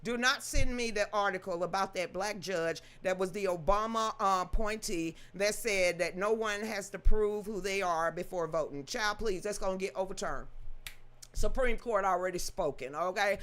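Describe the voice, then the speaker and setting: A woman's voice: mid-range voice, moderate pace, a bit bright. A woman reading news aloud, then ranting about it in an emphatic, sassy, scolding way. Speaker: political commentary host.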